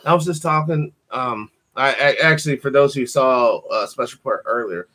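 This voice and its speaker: A man hosting a call-in talk show, chatting casually and acting out quotes in animated, profane stories. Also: medium pitch, moderate pace. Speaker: podcast host. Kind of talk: casual chat.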